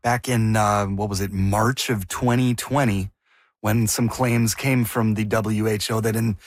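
A man's voice: fairly low pitch, fairly even intonation, unhurried, dry recording, clean studio sound. A man co-hosting a news discussion, asking questions and explaining with some hesitation. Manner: inquisitive, hesitant. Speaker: co-host.

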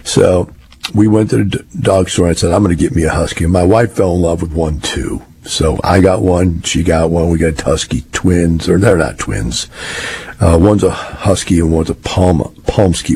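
A man's voice: sits low, moderate pace, dark tone, breathy edge. An older man telling rambling, folksy stories in a casual monologue. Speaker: real estate investor.

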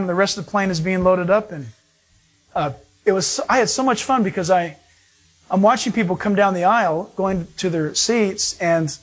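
Male pastor, high voice, animated sermon storyteller who does the voices of his characters. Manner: storytelling, animated, acts out voices of people he quotes.

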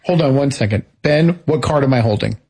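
A man co-hosts a radio talk show with a husky voice at a middle pitch. He tells stories in a chatty, joking way. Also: brisk, a little mellow. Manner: chatty storyteller, jokey. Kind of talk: casual chat.

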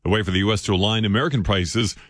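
A man reading a radio news bulletin in a brisk, formal way. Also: on the low side, no room sound, clean studio sound. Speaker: radio newsreader.

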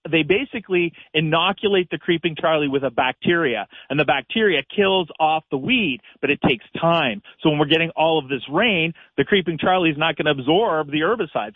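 A man's voice: fairly high pitch, no echo. A man from Canada, a gardening expert on a radio call-in, giving practical step-by-step advice with easy laughs. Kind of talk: casual advice chat. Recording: tinny phone-line sound.

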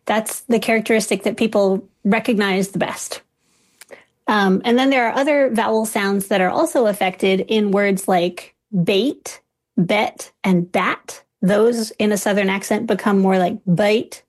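A woman linguist guest on a radio show, explaining accents in a clear, lecture-like way. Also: mid-range voice. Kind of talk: expert interview.

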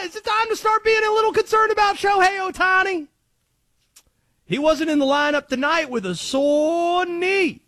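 Man doing a Cajun conspiracy guy, high voice, big swoops, loud drawl, dry sound. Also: dry recording, heavily acted. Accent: put-on Cajun. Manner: loud, drawling, shouting and rambling.

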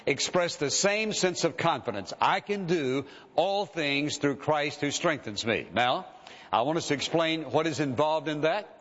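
A man preaching in a large hall, his slightly high voice carrying a long reverb. The sound is a little dull. He keeps a measured pace and slows down for scripture. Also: expressive, fairly bright tone. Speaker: pastor. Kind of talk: sermon.

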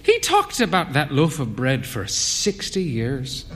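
A man voicing a sharp-tongued older woman at a bar, tart and scolding. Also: fairly high pitch, huge pitch swings, measured pace, a little hiss or hum, heavily acted.

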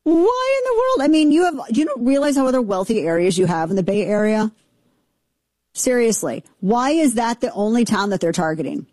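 Woman, political commentary host, mocking, emphatic, mellow voice, dry sound. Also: a little high, no room sound. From rural Missouri.

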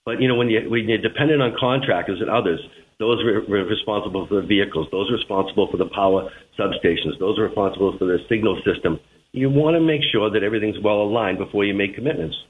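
A man with a Boston accent, a transit manager answering interview questions over the phone, measured and repeating words as he starts phrases. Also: on the low side. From Boston, USA. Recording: tinny phone line with faint hiss.

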